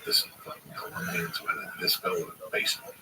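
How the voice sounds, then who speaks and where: A middle-aged man telling long, profane, rambling stories to friends in a casual livestream. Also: fairly quick. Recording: distant mic with loud background noise.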